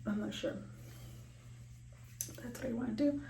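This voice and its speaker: A woman's voice: a little high, unhurried, echoey room, noisy background. A young woman doing a casual skincare vlog, rambling with lots of ums and likes, a bit out of breath, recorded in her small bathroom. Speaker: beauty vlogger.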